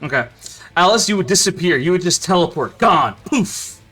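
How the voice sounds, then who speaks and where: Bright-voiced man running a tabletop game. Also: high-pitched, animated, normal speed, husky, faint music behind. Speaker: game master.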